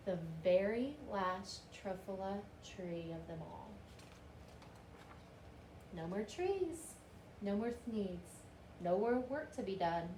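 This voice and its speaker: A woman reading a rhyming storybook aloud with a rhythmic, expressive delivery. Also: mid-range voice. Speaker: reader. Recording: roomy with faint hiss.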